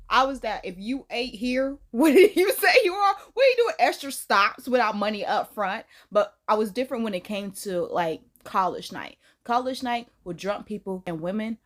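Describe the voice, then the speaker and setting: A young woman hosting a reaction video. She gives casual, sassy, slang-filled commentary and often jumps into high put-on voices.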